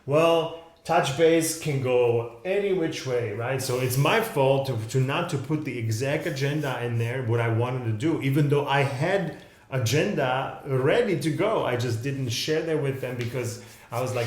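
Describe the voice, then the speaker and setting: A man co-hosting a casual podcast conversation, telling a story in a halting, rambling way with many restarts. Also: medium pitch, roomy sound. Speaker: podcast co-host.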